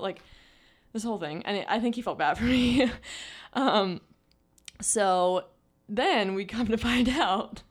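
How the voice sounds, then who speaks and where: A woman's voice: mid-range voice, unhurried. A young woman co-hosting a podcast, telling a story in casual chat, full of "like" fillers. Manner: chatty storytelling with many "like" fillers. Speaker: podcast co-host.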